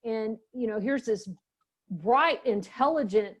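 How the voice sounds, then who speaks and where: A woman's voice: on the high side, lively intonation, slow pace, husky. A middle-aged woman hosting a heartfelt conversation, speaking in an earnest, reflective and emotional way. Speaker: host.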